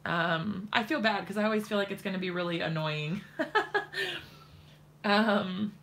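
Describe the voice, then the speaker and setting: A chatty woman in her thirties hosts a crafting demo from her home desk, talking straight to her viewers. Her voice is bright and forward, with a gravelly fry at the ends of phrases, and she laughs often between steps. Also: mid-range voice, measured pace, slight background noise. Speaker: crafting livestream host. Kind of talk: casual crafting demo chat.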